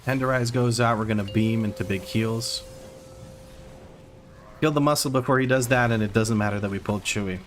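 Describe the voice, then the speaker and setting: A man's voice: fairly low pitch, a little fast, long pauses, a little hiss or hum. A man streaming a game, giving running play-by-play with wry asides to his chat. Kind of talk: live gameplay commentary.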